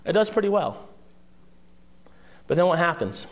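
A male pastor delivers a sermon in a loose, conversational style. His voice sits high for a man. He asks the room questions, wanders into asides, and sinks to a hushed tone to drive a point home. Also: big pitch swings, unhurried, pauses often. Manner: drops to a hushed voice for emphasis.

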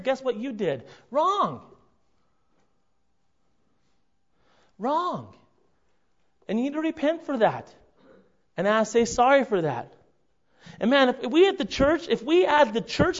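Man, pastor, conversational sermon, high voice, keeps asking "right?", muffled lo-fi recording. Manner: frequent "right?" check-ins with the congregation. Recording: dull lo-fi recording.

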